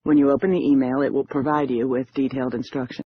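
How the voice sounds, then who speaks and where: Cool con woman giving a businesslike briefing, read by a guy, husky, muffled recording. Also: medium pitch, level tone, fast talker, no echo, lightly acted. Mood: confident. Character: cool confident female con artist.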